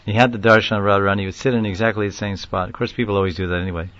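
A man telling a long story in a casual, rambling way, often laughing and getting animated when he quotes people. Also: fairly low pitch, racing, dull audio. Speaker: speaker recounting a story in a class. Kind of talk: informal storytelling talk.

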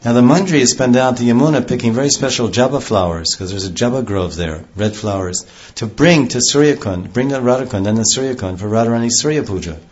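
A man's voice: medium pitch, quick pace, hardly any pauses, a little mellow. A man giving a rambling devotional lecture with many restarts, heard on a dull lo-fi recording. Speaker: spiritual teacher.

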